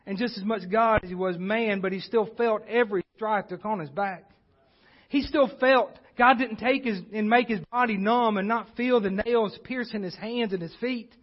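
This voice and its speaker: A man preaching a sermon as pastor, earnest and building in intensity as he presses his points. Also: very high-pitched. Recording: dull lo-fi livestream audio.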